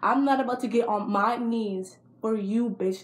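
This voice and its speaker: A woman's voice: fairly high pitch, moderate pace, hardly any pauses. A young adult woman telling a storytime vlog in a blunt, profane and exasperated way. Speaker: vlogger.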